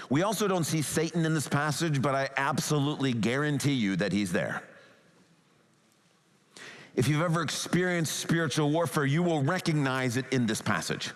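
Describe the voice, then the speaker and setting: A man's voice: mid-range voice, animated, normal speed. A man preaching a sermon as a pastor, earnest and pleading as he talks. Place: church sanctuary. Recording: long hall reverb.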